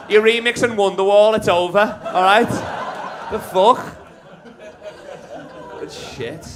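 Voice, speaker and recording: A man's voice: sits high, slow pace, pauses often, noisy background. A man doing stand-up comedy at a club, bantering brashly with the crowd and swearing freely. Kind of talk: live stand-up crowd work. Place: comedy club stage with a live audience. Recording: live club recording with crowd.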